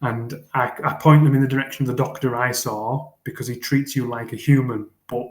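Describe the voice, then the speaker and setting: A man's voice: medium pitch, steady tone, fairly quick. A man, a guest in a casual interview, who speaks earnestly and rambles, often repeating words as he thinks. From England. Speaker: guest, fell runner. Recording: roomy echo.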